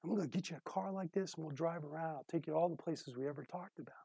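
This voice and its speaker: A man voicing an excited twelve-year-old street boy, speaking in a hushed, awed and eager way in a sermon story. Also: on the high side, rapid-fire, creaky, breathy edge, no room sound. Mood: hushed, earnest.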